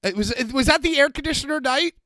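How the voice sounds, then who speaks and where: A man with a high, bright, sharp voice rambles through casual podcast talk. He often trails off mid-thought. The sound is dry and close. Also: expressive, quick pace, no echo. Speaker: wrestling podcast co-host.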